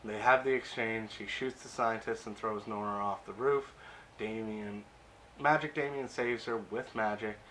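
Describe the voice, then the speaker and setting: A man's voice: on the low side, fairly even intonation, a little slow, a bit bright, a little hiss or hum. A man casually recapping and reviewing a TV episode, chatty and amused, with plenty of uh and um.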